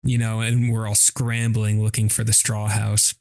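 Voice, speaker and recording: A man's voice: lowish voice, completely flat delivery, moderate pace, a little mellow, no room sound, studio quality. A man co-hosting a podcast in casual, thoughtful chat, talking loosely with many "like"s and "you know"s. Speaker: podcast co-host.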